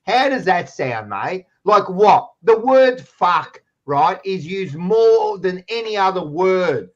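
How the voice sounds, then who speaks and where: A high-voiced Australian man who rants hard and swears freely through a football argument. His voice comes through a dull, muffled recording. He talks bluntly and keeps pushing his point. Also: big pitch swings, slow pace. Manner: blunt, swears a lot, ranting. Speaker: podcast co-host. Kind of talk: heated footy banter.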